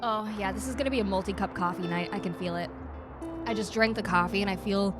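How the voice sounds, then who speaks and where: A young adult woman streaming a game, chatting playfully and reading chat aloud, sometimes softening into a quiet mock accent. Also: medium pitch, quick pace. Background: game music playing.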